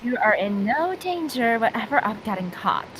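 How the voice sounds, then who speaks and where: A poised mansion maid, voiced by a woman in a casual game read-through answers with calm politeness and a faint tease. Her mid-height voice moves lively up and down. Clear noise sits beneath the recording. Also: a little high, moderate pace, low-quality recording. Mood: composed.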